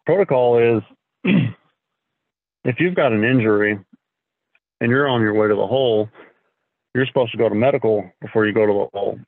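A man telling his story as a podcast guest, in a halting, casual way, often clearing his throat and filling gaps with fillers. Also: fairly low pitch, no room sound. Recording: thin phone-like sound, dry.

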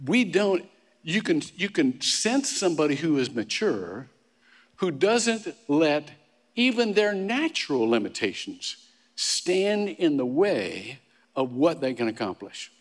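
A man's voice: on the high side, very animated, slow pace. A male pastor preaching a sermon in a casual, conversational way, with restarts and self-deprecating asides. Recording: long hall reverb.

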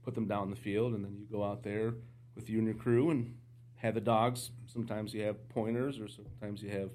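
A man's voice: on the low side, brisk. A man guesting on a podcast, telling hunting stories casually and acting out the dialogue. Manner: animated anecdotes, acts out dialogue. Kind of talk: casual storytelling.

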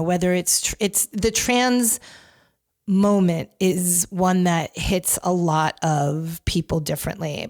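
A woman hosting a podcast, giving candid, opinionated commentary that rambles with frequent restarts. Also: medium pitch. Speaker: podcast host.

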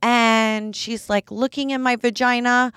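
A young woman, host of a casual podcast, talks fast and candidly with a fairly high voice. She leans on filler words as she tells her stories, and the sound is dry and close, with no room around it. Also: steady tone, fairly bright tone, clean tone, no echo. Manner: chatty, candid, quick, full of "like" fillers. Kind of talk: casual storytelling chat.

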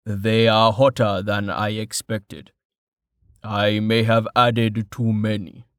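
A male narrator voicing a big, quiet blacksmith with a rumbling, slow, measured voice. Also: level tone, dry recording, studio quality. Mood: calm.

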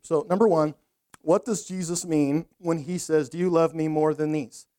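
A middle-aged man preaching a sermon in a conversational, animated storytelling way, with laughs. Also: a little high, normal speed. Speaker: pastor.

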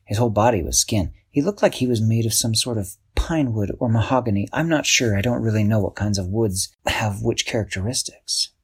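A man narrating a children's story, expressive and slowing down for suspense. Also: fairly low pitch, breathy edge.

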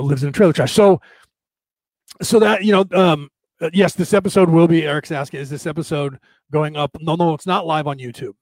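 An American man hosting a live-streamed show, rambling quickly in casual talk and peppering it with "right?" and mock voices. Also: on the high side, dry recording. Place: home setup, camera off.

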